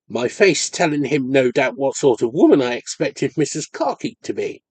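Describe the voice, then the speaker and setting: A man reading a ghost story aloud as an audiobook in expressive, measured storytelling. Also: mid-range voice, slightly rough, dry recording. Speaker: audiobook reader. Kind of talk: scripted narration of a ghost story.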